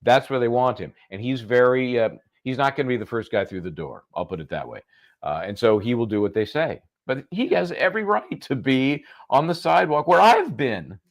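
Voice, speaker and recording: A man's voice: mid-range voice, animated, a little fast. A man giving live legal commentary in a sarcastic, conversational way.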